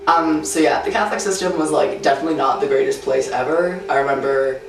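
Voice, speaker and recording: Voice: medium pitch, fast talker. A teenager speaking frankly in a casual interview, full of "like" fillers. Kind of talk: candid personal interview. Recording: roomy sound from a distant mic, faint music.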